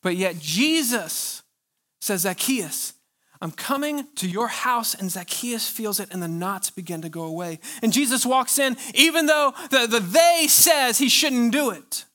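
Male pastor preaching, bright forceful voice, keeps asking the crowd questions, slows way down on big words. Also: extremely high pitch, animated. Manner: emphatic preaching with repeated rhetorical questions. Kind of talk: sermon.

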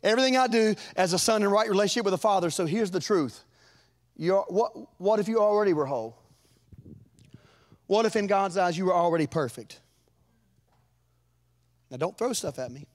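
A man preaching a sermon, fervent and folksy, climbing to loud peaks and dropping to quiet asides. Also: lively intonation, normal speed, pauses often. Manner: fervent, rises to shouts then drops low; folksy, repeats words.

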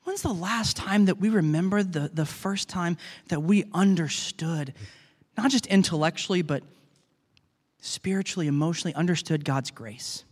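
A man's voice: high-pitched, moderate pace, husky. A man who is a pastor, preaching a sermon in an earnest, conversational way and talking to the congregation as guys. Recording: long reverb of a large hall.

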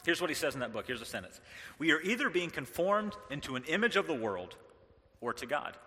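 A middle-aged man from the American South giving a lively, joking sermon as a pastor. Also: a little high, fairly quick, in a large hall. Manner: animated, joking, with playful impressions.

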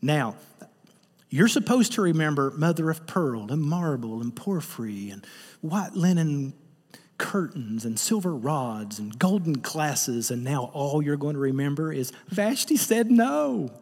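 A fairly high-voiced man preaches to a congregation. He tells the story in a lively, joking way. His voice carries a long reverb, as if he is in a large hall. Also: a little slow, slightly rough. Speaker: pastor. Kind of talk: sermon.

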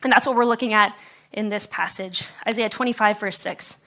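A woman's voice: medium pitch, a little fast, bright, forceful tone. A woman pastor preaching a sermon to her congregation, conversational and joking, with a slightly scratchy throat. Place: church service before a congregation.

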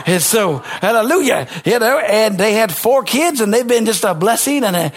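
Husky-voiced preaching man, high and fervent. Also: animated, normal speed. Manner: emphatic preaching with rising, near-shouted peaks. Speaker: pastor. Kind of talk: sermon.

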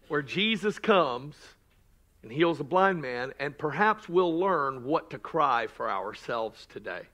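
High, bright-voiced preaching pastor. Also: male voice, expressive, slow. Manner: swings from shouted preaching to quiet asides, joking. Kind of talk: sermon.

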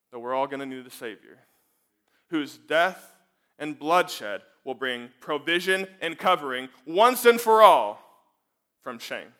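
A man preaching a sermon, emphatic and full of rhetorical questions, dropping to a hush and then building back up. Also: mid-range voice, smooth.

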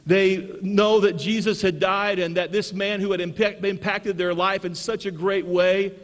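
Male preacher, high voice, keeps repeating lines and asking for amens, big echoey church. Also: fairly even intonation, normal speed. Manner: calls for amens, repeats key phrases. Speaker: pastor. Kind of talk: Easter sermon. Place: church sanctuary.

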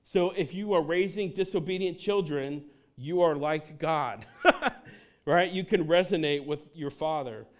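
A man in his thirties preaches in a loose, conversational way, dropping in fillers and starting sentences over as he goes. He shifts into animated asides and sounds like he is talking straight to the congregation in front of him. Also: fairly high pitch, unhurried. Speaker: pastor. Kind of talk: sermon. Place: church sanctuary.

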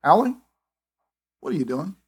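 A man voicing the Lord as a patient male divine voice that asks gently probing questions. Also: a little high, sing-song, moderate pace, breathy edge, distant mic, exaggerated voice. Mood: gentle.

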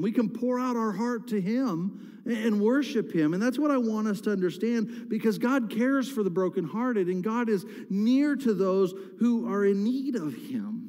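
A man's voice: high voice, a little mellow. A man preaching a sermon as pastor, talking conversationally with the congregation and rising to impassioned cries at times. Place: church sanctuary. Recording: reverberant church hall.

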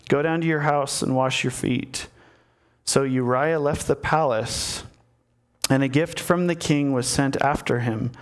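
A man's voice: medium pitch, clear, resonant tone. A man giving a sermon in a conversational storytelling manner, talking to his listeners directly. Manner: conversational storytelling, acts out the characters. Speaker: preacher.

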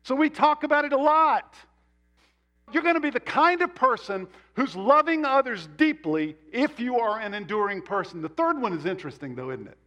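A male pastor preaching a sermon in a church, animated and emphatic, with sudden jumps up in pitch on key words. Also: normal speed, muffled recording, soft background music. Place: church sanctuary.

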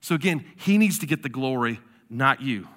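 Male pastor, sermon, conversational storyteller, bright tone. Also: mid-range voice, lively intonation, normal speed. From South Carolina. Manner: conversational storytelling preacher, casual fillers.

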